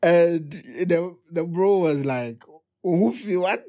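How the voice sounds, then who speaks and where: A young podcast host reads text messages out in a relaxed, slow way. His pitch swings widely, and he keeps breaking into high, loud bursts of laughter. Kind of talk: casual reaction commentary reading text messages.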